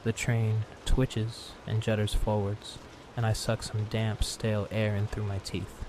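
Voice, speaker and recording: Calm low-voiced male horror narrator. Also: noisy background. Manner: calm, slow, hushed. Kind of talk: calm sleep story narration. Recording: steady rain sound behind.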